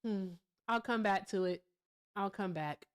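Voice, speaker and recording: A woman's voice: mid-range voice, a little slow, smooth. A woman hosting a casual political commentary livestream, talking bluntly with profanity and breaking off to chat with her viewers. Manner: blunt, profane, chats with viewers between points. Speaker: livestream host.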